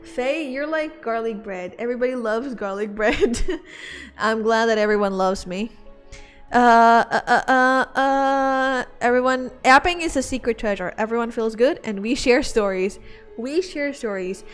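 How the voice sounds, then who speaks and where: Giggly high-voiced woman streamer. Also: expressive, moderate pace, soft background music. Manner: giggly, rambling, heavy filler "like". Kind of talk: casual livestream chat.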